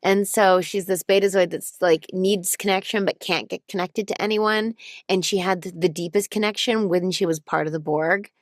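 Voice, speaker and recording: A woman voice actor speaking as an interview guest, telling stories in an animated, thoughtful way. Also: on the low side, moderate pace, no room sound, studio quality. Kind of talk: casual interview chat.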